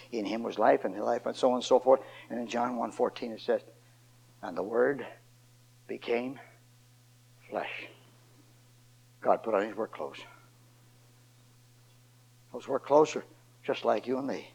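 An older man preaching a sermon, originally from Ohio, swinging from loud emphatic lines to low quiet asides. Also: creaky, slightly rough, muffled recording. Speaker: pastor.

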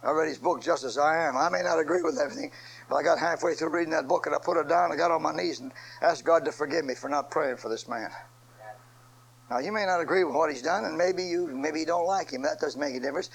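A man preaching a sermon, swinging from quiet asides to shouted, repeated phrases. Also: a little high, quick pace, vocal fry, low-quality recording.

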